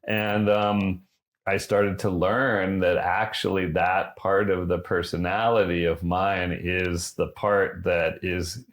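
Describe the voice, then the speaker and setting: A man's voice: low-pitched, little pitch movement, takes it slowly. A man hosting a podcast, chatting candidly and openly, laughing often and swearing casually. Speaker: podcast host. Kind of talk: casual interview chat.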